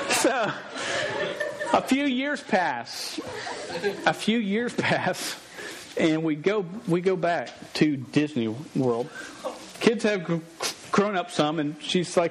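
A man in his forties delivers a sermon through a playful family anecdote. His voice sits a little high, and he stammers and restarts words as he jokes with the listeners. A faint hiss runs underneath. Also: slow. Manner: stammering, joking and animated, often restarting words. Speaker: pastor. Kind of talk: sermon with a storytelling aside.

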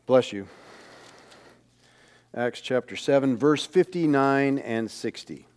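A male preacher delivers a sermon in church, middle-pitched and easygoing. He slips in little jokes and poses rhetorical questions to the congregation, then answers them himself. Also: slow pace, a little mellow, smooth. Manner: conversational, joking asides and rhetorical questions.

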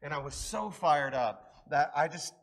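A man preaching to a church congregation with a somewhat high voice. He swings between hushed, close-in moments and loud, emphatic declarations, and he leans on repeated rhetorical questions. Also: animated, unhurried. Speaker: pastor. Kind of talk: sermon with personal testimony. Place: church service.

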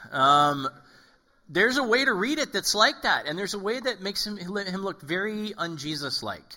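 Bright-voiced man preaching a lively sermon. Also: high voice, moderate pace. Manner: animated, acts out quoted voices, frequent "okay?". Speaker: pastor. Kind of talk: conversational sermon.

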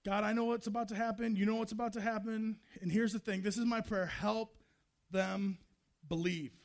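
A man voicing God speaking tenderly and earnestly, at times soft and nearly whispered. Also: high voice, steady tone, moderate pace. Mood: pleading. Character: tender divine man, compassionate, intimate.

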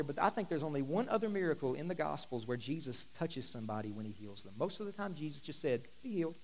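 A man preaching as a pastor, moving between quiet, intimate asides and loud, emphatic declarations. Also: a little high, creaky, rough recording. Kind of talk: sermon.

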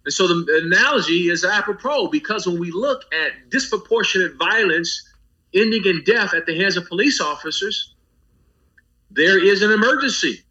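A man's voice: high voice, animated, normal speed, pushed and bright. A man, a pastor, speaking as a guest with a preacher's rhythmic cadence, building emphasis through lists and rising repetition. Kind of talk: impassioned guest commentary on a talk program. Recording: dull lo-fi audio.

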